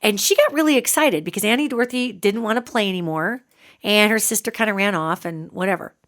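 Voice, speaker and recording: A middle-aged woman hosting a radio show, telling a family story in a lively, animated way with emphatic asides. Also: fairly high pitch. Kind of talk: storytelling monologue.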